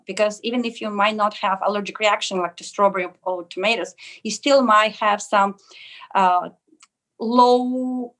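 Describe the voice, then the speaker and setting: Guest: Russian-accented woman, mid-pitched, earnest explainer with halting pauses. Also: fairly bright tone. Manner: earnest and explanatory, pausing often on "uh" and "um". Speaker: guest, wellness clinic pharmacist. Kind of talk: casual interview.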